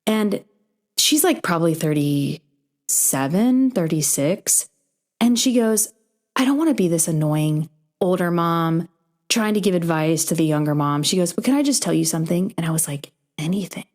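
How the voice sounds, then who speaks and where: A young woman hosting a podcast, telling a long story in a casual, animated way and acting out the voices of the people in it. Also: lowish voice, moderate pace. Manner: animated, acts out quoted voices in her stories. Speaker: podcast host.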